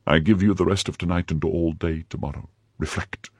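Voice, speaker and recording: A man's voice: deep voice, steady tone, brisk, slightly rough, no echo, clean studio sound. A man reading the part of a cruel nobleman jailer who mocks and threatens his prisoner in an audiobook. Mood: menacing. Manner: mocking, then menacing.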